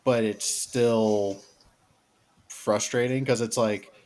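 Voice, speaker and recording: A man's voice: on the low side, fairly even intonation, slow, a little mellow. A man co-hosting a podcast in a casual film discussion, blunt and heavy on swearing, often restarting his sentences. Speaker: podcast co-host.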